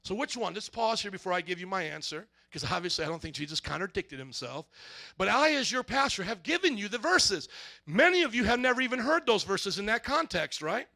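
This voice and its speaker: A man pastor preaching a sermon, swinging from loud emphatic shouts to soft asides. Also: high voice, sing-song, a little fast, creaky.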